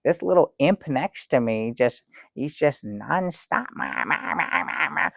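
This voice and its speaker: A man plays an excitable, fussy guest with a mid-pitched, gravelly voice who rambles and stalls, then bursts into theatrical exclamations. The recording sounds slightly dull and lo-fi and dry, with no room echo. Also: measured pace. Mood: rambling. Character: fussy excitable man telling a travel story. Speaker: talk show guest. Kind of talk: improvised comic storytelling.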